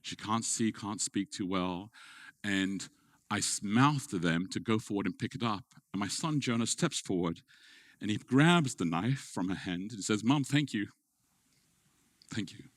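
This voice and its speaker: A middle-aged man preaching, telling a family story, moving between playful, animated moments and quiet, hushed ones. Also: lowish voice, normal speed, no room sound, studio quality. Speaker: pastor. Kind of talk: sermon with personal story. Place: event hall with an audience.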